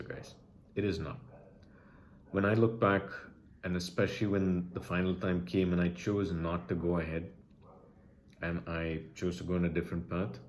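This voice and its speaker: Low-voiced man, earnest and pleading. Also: darkish tone, a little hiss or hum. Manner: earnest, pleading, emotional, repeats phrases for emphasis. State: emotional. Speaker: vlogger sharing personal experience. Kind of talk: earnest personal address to camera.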